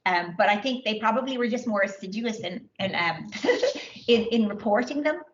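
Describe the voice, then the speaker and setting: A woman lecturing on history in a hesitant, thoughtful way, often pausing on fillers and going back over her words. The recording is a little dull and lo-fi, and her pitch sits in an ordinary middle range. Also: lively intonation. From Ireland. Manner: hesitant, many fillers and restarts. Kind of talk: academic talk with audience questions. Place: lecture room.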